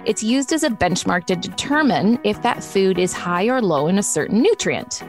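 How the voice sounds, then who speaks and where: A woman's voice: medium pitch, expressive, moderate pace, soft background music. A woman in her forties hosting a podcast about food, chatting casually and laughing often. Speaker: host.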